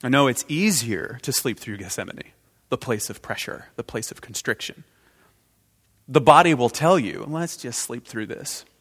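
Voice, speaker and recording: A man preaching a sermon, swinging from loud outbursts to hushed intensity. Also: medium pitch, animated, normal speed, breathy edge. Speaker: pastor. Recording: long reverb of a large hall.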